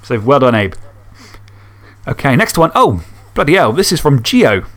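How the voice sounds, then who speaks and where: A man's voice: mid-range voice, sing-song, moderate pace, a bit bright. A man hosting a podcast, reading fan stories and chatting enthusiastically, swearing casually. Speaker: podcast host.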